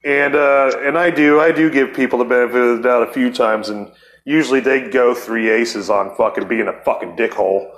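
A middle-aged man tells a long, swearing story as a podcast host. His voice sits at an ordinary pitch for a man. He rambles, stops and starts, and throws in bits of other people's voices as he goes. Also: a little fast, a bit bright. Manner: profane, rambling, acts out quoted voices. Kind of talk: casual storytelling chat.

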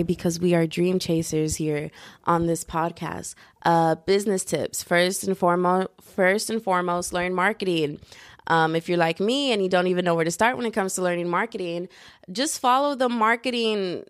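A woman's voice: fairly low pitch, no room sound, studio quality. A young woman hosting her own podcast from home, chatting in a bubbly, rambling, jokey way full of slang. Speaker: podcast host. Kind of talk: casual solo podcast chat. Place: indoors, at home.

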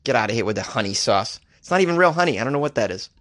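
A man's voice: mid-range voice, animated, racing, fairly bright tone. A man hosting a comedy podcast, reading odd news stories aloud and riffing on them sarcastically, laughing at his own jokes. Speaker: podcast host. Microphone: studio microphone.

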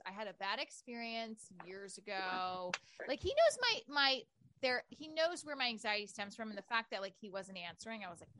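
A woman's voice: on the high side, sharp tone. A woman in her thirties telling candid personal stories in casual chat, swearing freely.

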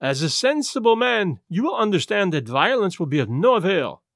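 A man's voice: sits high, very animated, vocal fry, no echo, clean studio sound, exaggerated voice. A man doing a placid, fussy little detective. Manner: gentle, measured, lecturing. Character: small fussy male detective, placid and self-assured.

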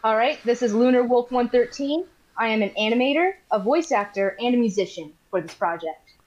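A woman's voice: on the high side, animated, fairly quick, darkish tone, muffled recording. A woman guest in a casual group chat, cheerful as she introduces herself. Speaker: animator, voice actor and musician guest.

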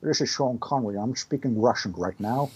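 A man's voice: mid-range voice, fairly quick, a little mellow, slightly rough, lightly acted. A man doing a suave slurring older film-star impression. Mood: smug.

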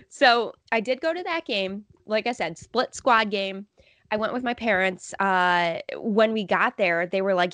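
A podcast co-host speaks in an unhurried, mid-range woman's voice with no echo. She tells stories in a casual chat, animatedly acting out what other people said and laughing often.

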